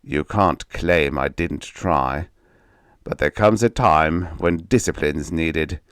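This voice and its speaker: A man's voice: rumbling low, a bit bright, clear, resonant tone, dry recording, studio quality, heavily acted. Man reading a sneering cruel stepfather. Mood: menacing. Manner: slow and menacing.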